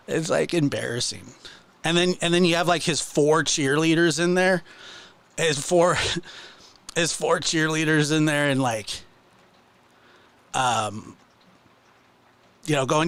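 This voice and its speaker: A man's voice: fairly high pitch, slow pace, long pauses, a bit bright, smooth. A man hosting his own channel, ranting casually in a mocking, exasperated way with many restarts. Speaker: channel host. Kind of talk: casual livestream rant.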